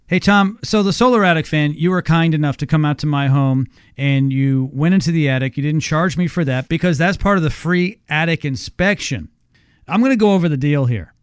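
A male radio host telling a story in an animated way and pitching a deal to his listeners. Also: fairly quick, clean tone, no echo, clean studio sound. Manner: animated storytelling, acting out quotes. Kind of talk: radio ad read and chat.

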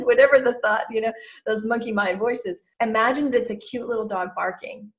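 A middle-aged woman, a podcast guest who mentors business owners, talking lively and acting out inner voices. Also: fairly high pitch, normal speed. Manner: animated, acts out inner voices in quotes. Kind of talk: podcast interview.

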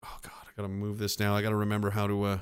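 A man's voice: fairly low pitch, completely flat delivery, racing, clear, resonant tone. A man streaming and reading viewer messages, talking in a rambling, profane, self-interrupting way. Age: older.

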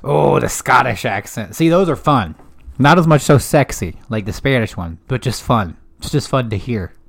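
A young man co-hosting a podcast, chatting casually and acting out quoted characters in an animated way. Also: mid-range voice, normal speed, creaky. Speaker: podcast co-host. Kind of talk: casual chat.

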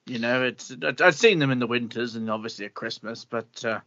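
In an improvised comedy interview, a man plays a pompous, bitter older meteorologist with an upper-class English accent, blustering, grumbling and swearing mildly. His mid-range voice is sharp and fairly quick, in a dry, lo-fi recording.

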